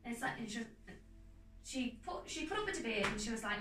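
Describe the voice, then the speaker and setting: A young woman in her twenties with a North East English accent, an actress talking as a guest in a casual interview, emphatic and animated with quick restarts. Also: on the high side. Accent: North East England. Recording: echoey room, mic at a distance, faint music.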